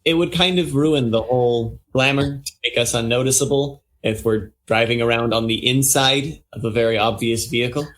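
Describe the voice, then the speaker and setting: A man's voice: medium pitch, moderate pace, hardly any pauses, a bit bright. A man narrating his character's actions in a tabletop role-playing game, with hesitant, filler-heavy speech. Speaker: player.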